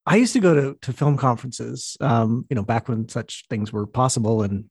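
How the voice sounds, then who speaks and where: Male guest from Canada, slightly raspy, stop-start casual chat, close dry sound. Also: mid-range voice, no echo. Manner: halting, repeats words. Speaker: podcast guest. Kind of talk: casual conversation.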